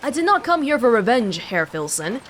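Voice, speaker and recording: A woman reading aloud as a scheming male baron villain in a game book, in a slow, lowered drawl. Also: sing-song, a little hiss or hum. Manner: deep, slow dramatic drawl.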